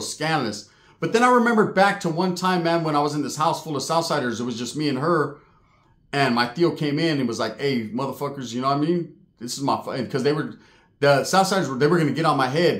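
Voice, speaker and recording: A man telling a true paranormal story in a casual, streetwise way, swearing freely and getting animated. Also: fairly high pitch, fairly quick. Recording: echoey room.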